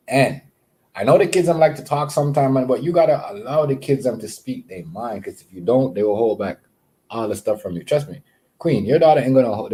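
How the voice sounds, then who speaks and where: A man hosting a casual livestream, rambling with many fillers and repeated words, giving shout-outs to viewers. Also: mid-range voice. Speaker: livestream host.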